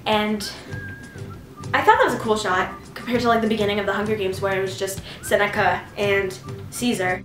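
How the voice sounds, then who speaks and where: Gushing about a movie, a woman reviewer rambles casually and says "like" constantly. Her voice is somewhat high and a bit bright, and the audio has room echo, a far-off mic, and background music.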